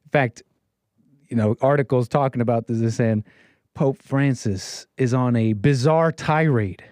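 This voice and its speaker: A man's voice: mid-range voice, a little slow, darkish tone, dry recording, clean studio sound. A man hosting a call-in livestream show, talking in a brash, rambling way with playful catchphrases. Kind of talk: casual livestream monologue.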